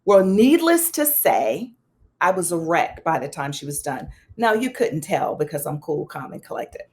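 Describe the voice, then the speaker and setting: A woman guest, a psychologist and pastor, telling a personal story in an interview, animated and conversational with touches of self-deprecating humor. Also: moderate pace. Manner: animated, acts out quoted dialogue with big pitch swings.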